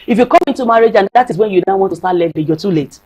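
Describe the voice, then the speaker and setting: A woman's voice: medium pitch, rapid-fire, a little mellow, breathy edge, poor audio. A woman, a psychologist and marriage counselor speaking as a guest on a studio talk show, earnest and emphatic, repeating phrases for stress.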